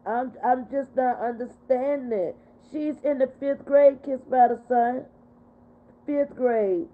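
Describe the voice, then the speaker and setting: An older woman hosting a casual livestream, talking in a heartfelt, repetitive way while she is upset but steady. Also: high voice, slow pace. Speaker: livestream host. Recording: tinny phone-like sound.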